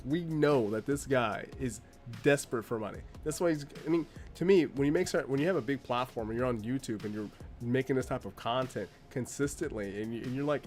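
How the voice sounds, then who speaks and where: A man's voice: medium pitch, a little fast, a little mellow, faint music behind. A man hosting a reaction video, commenting in a sarcastic, exasperated way.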